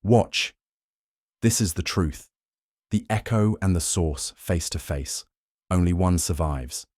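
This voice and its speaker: A man voicing a cold, smug male villain mastermind in an audio story, speaking smoothly. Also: sits low, slow, darkish tone, no room sound, clean studio sound. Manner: silky, smug.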